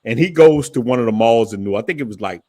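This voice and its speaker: A man tells stories in a relaxed chat. His voice is clear and dry, with no room sound. He gets animated and jumps up in pitch when he quotes someone. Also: quick pace, dry recording. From New Orleans, Louisiana. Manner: animated storytelling, voice rising when quoting his father. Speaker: channel host. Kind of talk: casual storytelling chat.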